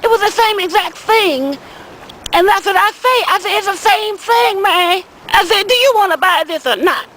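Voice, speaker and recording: A woman's voice: extremely high pitch, lively intonation, moderate pace, a bit bright, slight background noise, low-quality recording. A woman playing an older man who tells a rambling comic story, repeating little words like "see" and "I said" as he goes. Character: older Southern man, rambling small-time weed seller. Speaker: comic character monologue. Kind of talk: comedic storytelling in character.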